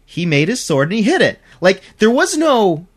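A podcast co-host in casual chat, ranting in an animated, exasperated way and laughing as they talk. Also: normal speed. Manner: animated, exasperated ranting with big pitch swings; laughs while talking.

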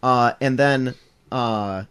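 A man chatting casually at a middle pitch, retelling a story with lots of energy. He keeps slipping into the characters' voices as he goes. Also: extremely slow, clear, resonant tone. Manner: animated retelling, acts out characters. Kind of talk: casual chat.

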